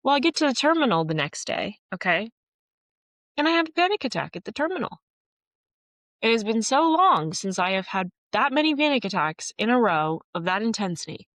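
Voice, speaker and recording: A woman's voice: on the high side, big pitch swings, a little fast, a bit bright, dry recording. A woman hosting a podcast, telling a personal story in an earnest, emotional and candid way. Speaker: podcast host.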